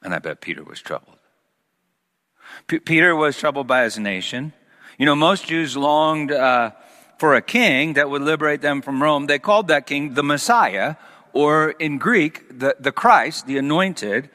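Bright-voiced man preaching in a reverberant hall. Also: fairly high pitch, animated. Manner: reads scripture slowly, then preaches with rising animation. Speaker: pastor. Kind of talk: sermon.

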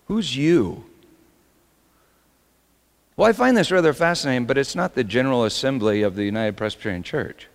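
A man preaching a sermon as pastor, swinging between loud emphatic lines and quiet asides. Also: a little high, vocal fry, long reverb tail.

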